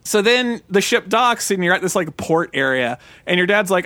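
A man in his thirties co-hosting a casual podcast, retelling a game with animated quoted voices. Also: normal speed, no echo. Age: 30s. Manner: animated, acts out quotes in a high put-on voice. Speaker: podcast co-host.

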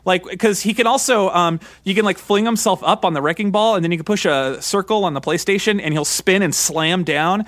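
A man in his thirties co-hosting a podcast, chatting excitedly and rambling with lots of fillers. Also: sits high, brisk, few pauses, dry recording. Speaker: podcast co-host. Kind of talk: casual chat.

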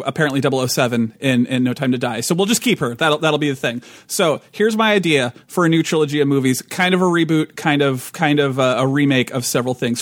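A man's voice: a little high, dry recording, clean studio sound. A man co-hosting a tabletop gaming podcast, chatting casually, rambling with restarts and laughing often. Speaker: podcast co-host. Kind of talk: casual chat.

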